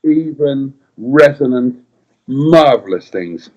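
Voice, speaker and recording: Sing-song, slow and a little mellow, the voice of this middle-aged man from Wales sits on the high side. As co-host of a casual live-stream chat, he reads out viewer comments in a wry, playful way. The sound quality is dull lo-fi.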